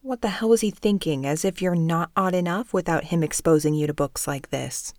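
A woman voicing an exasperated, sharp-tongued middle-aged mother in an audiobook, scolding and emphatic. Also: lowish voice, a little fast, no echo, clean studio sound, lightly acted.

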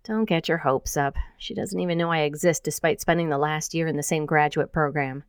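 A woman's voice: low-pitched, fairly even intonation, brisk, clear, resonant tone, no room sound, clean studio sound. A woman voicing a wry, grumbling young female graduate student who hacks.

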